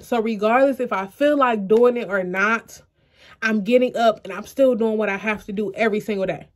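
A woman's voice: fairly high pitch, moderate pace. Earnest young woman, near tears. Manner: earnest, talks straight to viewers as y'all. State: close to tears, eyes puffy. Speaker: vlogger. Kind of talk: emotional personal vlog to camera.

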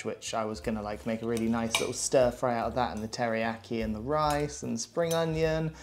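A man's voice: medium pitch, darkish tone. Chatty man vlogging his cooking. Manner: chatty, upbeat, self-deprecating. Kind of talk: casual cooking vlog narration.

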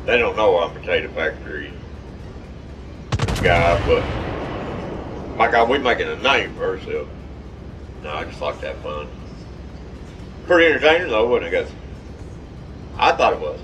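A man giving excitable, profane, trash-talking commentary over his own gameplay. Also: low-pitched, normal speed, long pauses, distant mic, noisy background.

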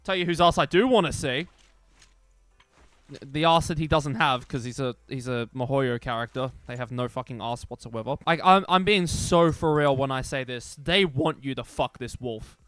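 A young man streaming a video game, commenting with profane jokes and sudden yelling bursts. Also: medium pitch, normal speed, dry recording. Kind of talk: gameplay commentary. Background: faint game music.

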